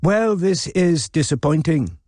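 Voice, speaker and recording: A man's voice: fairly high pitch, expressive, a little slow, darkish tone, no echo, clean studio sound, voice pushed up. A man reading an audiobook, voicing a young woman who is faking a shaky Welsh accent on the phone with a grand, mellifluous tone.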